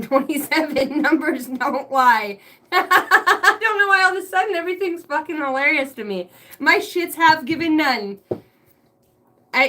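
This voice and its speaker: A tarot reader with a fairly high, sharp-toned voice gives a casual reading, swearing freely. She's giggly and crude, breaking into laughter often, over a little hiss or hum.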